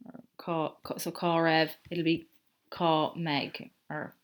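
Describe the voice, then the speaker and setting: A woman's voice: low-pitched, level tone, takes it slowly. A woman teacher with an Irish accent, patiently explaining step by step in a recorded lesson and correcting herself as she goes. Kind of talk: recorded screen-share lesson.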